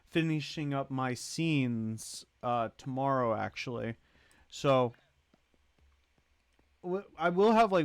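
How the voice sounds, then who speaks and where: A man hosts a livestream, chatting in a rambling, casual way as he greets and thanks viewers in the chat. His voice is medium-pitched and clean, with no room sound.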